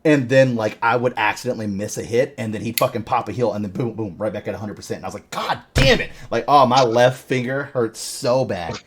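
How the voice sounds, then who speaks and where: A man's voice: on the low side, fast, hardly any pauses, a little hiss or hum. A man hosting a podcast, telling long rambling gaming stories in casual chat and swearing constantly. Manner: rambling storytelling with heavy swearing. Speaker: podcast host. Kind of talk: casual chat about a video game.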